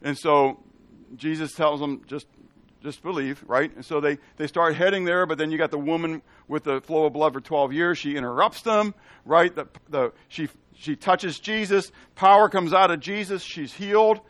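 A man giving an animated Bible teaching, asking the listeners questions and acting out the lines of the people in the story. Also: a little high, moderate pace, no echo.

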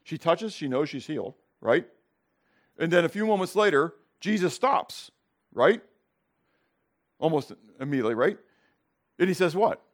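Casting: man leading a Bible study, lively pitch, slightly high, quizzes the class. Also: moderate pace, pauses often. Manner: animated, tags "okay?" and "right?" to check the class; asks the class questions and acts out scenes. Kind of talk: casual classroom teaching.

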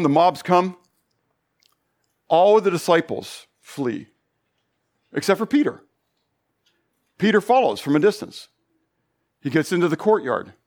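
A pastor preaching a Bible study sermon, animated, full of rhetorical questions. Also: male voice, a little high.

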